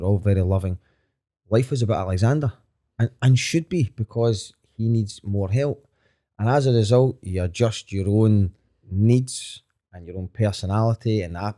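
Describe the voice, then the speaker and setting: With a deep, mellow voice, this Scottish comedian in his thirties chats as a podcast guest. He shares stories candidly and earnestly, dropping casual swear words in the flow of conversation.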